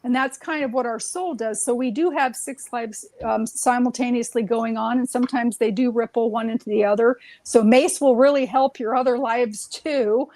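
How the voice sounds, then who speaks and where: A woman with a fairly high voice tells stories in a loose, rambling way, looping back with "um" and restarting her sentences. The sound is dry and close, with no room echo. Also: fairly even intonation, moderate pace, hardly any pauses, a little mellow. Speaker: guest. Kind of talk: casual conversational storytelling.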